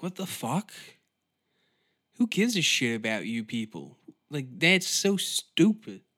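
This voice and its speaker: A man's voice: mid-range voice, a bit bright. Man, comedy podcast host, sardonic, profane, ranting.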